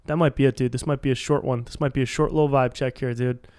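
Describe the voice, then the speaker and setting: A man's voice: mid-range voice, fairly even intonation, fast talker, a little mellow, no room sound, clean studio sound. A man hosting a solo podcast, freestyling in a casual, rambling way, swearing freely and calling everyone dude, on a podcast microphone. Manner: casual, rambling, profane, says dude a lot. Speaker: podcast host.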